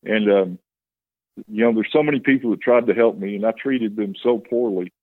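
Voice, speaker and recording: A man's voice: on the low side, normal speed, dry recording. Earnest man telling his story over a tinny line. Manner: plain-spoken storytelling with earnest emotion. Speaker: guest telling his testimony. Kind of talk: candid personal testimony. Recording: tinny phone-like line, dry.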